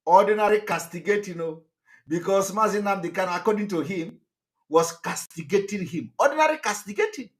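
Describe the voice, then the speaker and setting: High, lively, mocking man. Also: a little fast. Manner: mocking, laughing, repetitive rhetorical. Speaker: activist broadcaster. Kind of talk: impassioned broadcast monologue.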